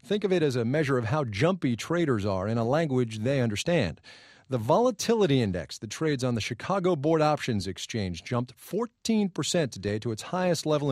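Male studio anchor: conversational, wry, animated delivery, dry close sound. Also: mid-range voice, no echo. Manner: conversational, lively, wry asides. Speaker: news anchor. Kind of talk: public radio business news hosting. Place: radio studio.

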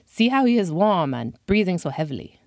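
A man's voice: high voice, sing-song, brisk, no echo, studio quality. Woman doing a polite Frenchman with a French accent. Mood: courteous. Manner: formal, courteous phrasing. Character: polite, earnest French man, a good Samaritan.

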